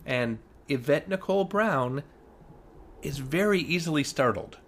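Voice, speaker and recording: A man's voice: on the high side, animated, measured pace. A man co-hosting a casual podcast chat, recapping TV shows with wry, rambling asides and frequent restarts. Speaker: podcast co-host.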